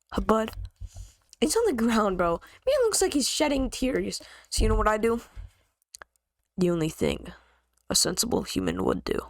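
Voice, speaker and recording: A woman vlogger telling a story in a slangy, joking, animated way. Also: fairly low pitch, dry recording. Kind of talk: casual storytime.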